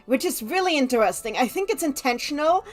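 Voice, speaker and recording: Chatty high-voiced woman streamer. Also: animated, fairly quick. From Germany. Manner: chatty, reads chat aloud, rambling asides. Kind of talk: gameplay livestream commentary.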